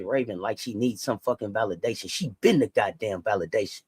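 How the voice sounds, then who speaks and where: A sports talk host giving heated casual commentary, profane and swinging from quiet to shouting. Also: medium pitch, a little fast, hardly any pauses, husky, no room sound.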